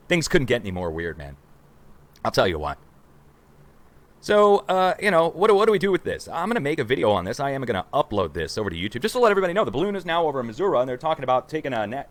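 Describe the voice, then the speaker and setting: A man in his forties hosting a rambling livestream from a room at home, excitable and conspiratorial, talking to viewers as guys. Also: medium pitch, racing. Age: 40s. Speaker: livestream host.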